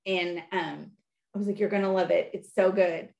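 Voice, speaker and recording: A woman co-hosting a podcast, chatting casually and telling animated stories with lots of fillers. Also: lowish voice, normal speed, creaky, roomy sound, dull audio. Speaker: podcast co-host. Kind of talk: casual chat.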